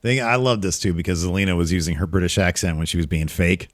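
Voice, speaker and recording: A man co-hosting a casual wrestling recap show, jumping into lively voices when he quotes wrestlers. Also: deep voice, quick pace, no room sound, clean studio sound. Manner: animated when quoting, voice jumps up for quotes. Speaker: podcast co-host.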